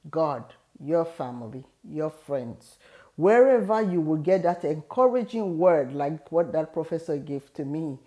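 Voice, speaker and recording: Unhurried and expressive, a middle-aged woman's low, dark-toned voice carries a motivational talk as she hosts an advice video. She recounts a personal story in an earnest, encouraging way.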